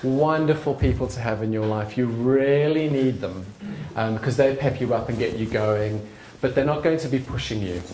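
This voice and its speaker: A man's voice: mid-range voice, moderate pace, hardly any pauses, dark tone, slight background noise. Earnest man in a roomy venue. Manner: earnest and conversational, with restarts. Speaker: speaker. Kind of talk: live talk at an evening event. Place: function room at a bar. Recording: roomy live venue sound.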